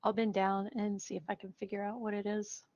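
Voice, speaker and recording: A woman's voice: mid-range voice, flat delivery, a little fast, darkish tone, dry recording, lo-fi sound. A woman playing a tabletop game, describing her character's actions in an easygoing, matter-of-fact way. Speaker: player. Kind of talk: casual tabletop game play.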